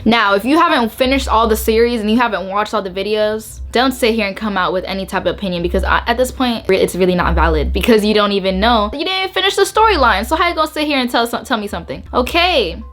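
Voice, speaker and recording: A woman's voice: on the high side, expressive, quick pace, few pauses, a bit bright. A young woman YouTuber telling an emotional storytime to camera, bubbly and emphatic, repeating words and saying "like" a lot.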